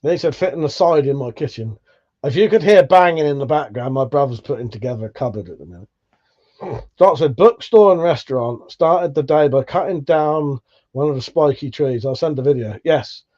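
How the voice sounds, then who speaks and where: British male streamer, casual, swears a lot, slightly high voice. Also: expressive, moderate pace, darkish tone, lo-fi sound. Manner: laid-back, swears freely, chuckles often. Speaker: livestream host. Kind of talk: casual live chat, reading out viewer comments.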